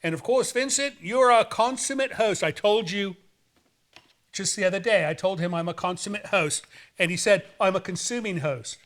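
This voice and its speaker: A man's voice: high-pitched, normal speed, a bit bright. A man hosting a horror movie show, rambling and joking in playful banter. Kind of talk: playful, campy hosting chat.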